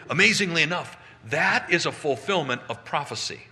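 A man's voice: medium pitch, brisk, bright, forceful tone, big-room sound. A man preaching outdoors, retelling a Bible scene with dramatic storytelling and big swings in volume. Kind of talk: sermon, Bible teaching.

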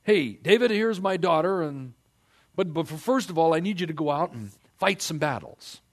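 A man voicing a crafty, scheming king, in a loud, offhand, slangy manner. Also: fairly high pitch, animated, normal speed, pitched above the performer's own voice.

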